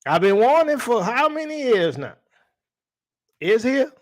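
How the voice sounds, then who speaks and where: Animated high-voiced man preaching to listeners. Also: unhurried. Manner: animated, rhetorical questions to the audience; slangy, calls the audience y'all. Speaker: preacher and livestream host. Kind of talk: preaching on a livestream.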